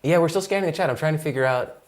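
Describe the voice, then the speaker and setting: A man's voice: fairly high pitch, racing. A man chatting on a live stream, joking and playful, often mocking himself. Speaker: artist and guest of a live stream. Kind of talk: casual live stream chat.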